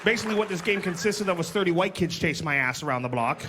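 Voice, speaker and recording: A man doing a stand-up set on a club stage, animated and punchy, joking about himself. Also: sits high, fast talker. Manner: animated, punchy, self-mocking. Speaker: stand-up comedian. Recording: noisy club with crowd laughter.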